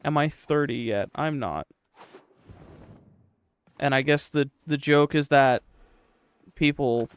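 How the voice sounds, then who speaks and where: A man's voice: on the high side, smooth. A young man streaming a game, chatting casually with his chat in a sarcastic, profane, rambling way.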